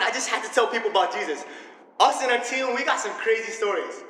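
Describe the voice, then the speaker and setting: A young man preaches with a high, bright voice, excited and laughing as he tells his stories. His voice rings through a long, echoey hall with faint room ambience behind. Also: fast, slight background noise. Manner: energetic, animated, laughs often. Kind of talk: sermon with personal stories.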